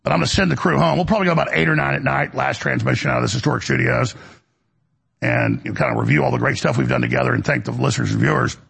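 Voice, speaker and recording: A man hosting a radio and web show from a studio delivers an agitated, rambling monologue full of repeated words and restarts. His mid-range voice is animated, very fast, and creaky, with a fairly bright tone and a breathy edge.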